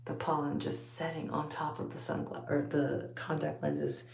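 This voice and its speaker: Low, gravelly Texas woman chatting. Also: little pitch movement, normal speed, darkish tone, echoey room, a little hiss or hum. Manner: chatty, rambling, laughs often, calls viewers y'all. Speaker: vlogger talking to viewers. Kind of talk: late-night casual chat while taking out braids. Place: home at night, under a bright light.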